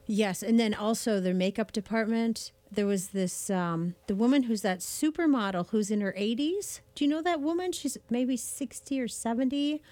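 A woman co-hosting a radio show, chatting in a lively, effusive way. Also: a little high, moderate pace, hardly any pauses, no room sound. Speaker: radio co-host. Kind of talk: casual radio chat. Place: radio studio.

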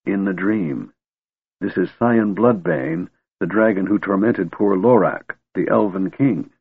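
A man voicing a cold, sardonic male mage in an audiobook, speaking quietly and with measured control, on a tinny narrow-band recording. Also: deep voice, creaky, slightly rough, no echo, full character voice.

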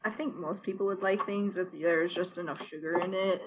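A woman's voice: lowish voice, steady tone, moderate pace, heavy background noise. A woman player chatting casually before a tabletop game, sleepy and dry-witted, on a home microphone over a call. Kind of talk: casual chat.

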